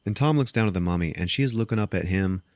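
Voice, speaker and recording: Deep voiced guy laughing through a movie recap, dry close mic. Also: quick pace, dry recording. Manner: laughing, animated retelling with acted quotes. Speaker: podcast host. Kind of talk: casual film recap.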